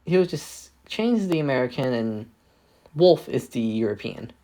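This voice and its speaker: Guy rambling thru a fanfic story, lively pitch, keeps fixing himself. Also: normal speed. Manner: rambling, self-correcting. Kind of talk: casual improvised story narration.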